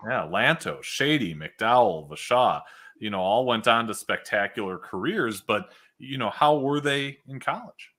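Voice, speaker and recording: A man hosting a bowling interview show, asking questions in a halting way that repeats words at the start. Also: mid-range voice, big pitch swings, pushed and bright. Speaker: podcast host. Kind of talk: casual interview chat.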